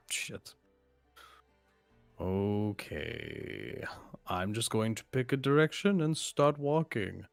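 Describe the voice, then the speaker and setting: A man playing in a tabletop game, chatting casually with a slow drawl. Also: fairly low pitch, lively intonation, creaky, no echo, faint music behind. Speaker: player.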